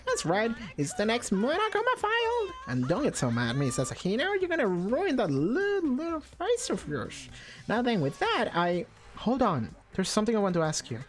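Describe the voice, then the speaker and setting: A woman's voice: fairly high pitch, wildly swooping pitch, normal speed, pitched above the performer's own voice. A woman voicing a gleeful, mischievous male bear mascot in a video game, with a British accent and a taunting, sing-song manner.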